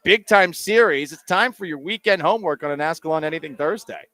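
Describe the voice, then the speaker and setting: A man's voice: a little high, fairly quick. A man hosting a sports radio show, talking casually with jokes and rambling asides. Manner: animated, joking, rambling asides. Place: radio booth on location.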